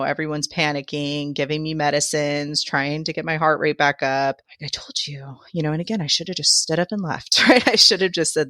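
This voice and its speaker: A woman's voice: low voice, fairly bright tone, dry recording, studio quality. A woman guest on a podcast, telling her own birth story candidly and emotionally, laughing through the hard parts.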